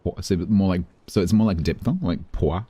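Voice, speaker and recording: Male streamer, deep and warm, animated, chatty, thinking aloud while gaming. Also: a little fast, breathy edge, dry recording. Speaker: game streamer. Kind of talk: casual live-stream commentary.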